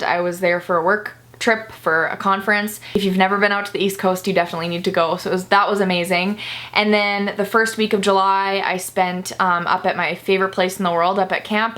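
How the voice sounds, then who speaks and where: A woman's voice: mid-range voice, fairly bright tone. A young woman talking to camera in a candid personal vlog, earnest and confessional, near tears at times. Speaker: vlogger.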